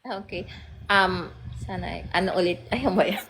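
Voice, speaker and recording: A woman's voice: fairly low pitch, normal speed, vocal fry, noisy background. A woman with a Filipino accent, a mother speaking as a guest in a casual interview, hesitant and apologetic with many fillers.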